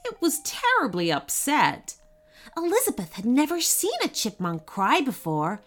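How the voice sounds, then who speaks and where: A woman narrating a children's storybook in an unhurried, expressive way. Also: high-pitched. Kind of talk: storybook reading.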